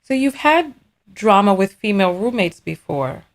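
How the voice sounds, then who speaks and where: A woman's voice: medium pitch, very animated, moderate pace. A woman hosting an advice show, asking a caller direct, probing questions. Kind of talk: advice call-in conversation.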